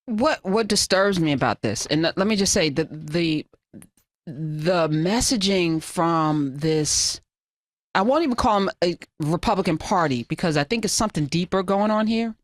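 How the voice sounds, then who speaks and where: A woman's voice: fairly low pitch, expressive, moderate pace, no echo. A woman hosting a talk radio show, delivering fiery, sarcastic, scolding commentary into a studio microphone.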